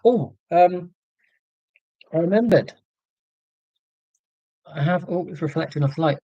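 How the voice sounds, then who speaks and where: A man's voice: on the high side, slow pace, mellow, no room sound, highs cut off. A man with an English received pronunciation accent, hosting a casual livestream and chatting with viewers, with frequent ums. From England. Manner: chatty, reads and answers live chat, many ums. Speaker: livestream host. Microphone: computer mic.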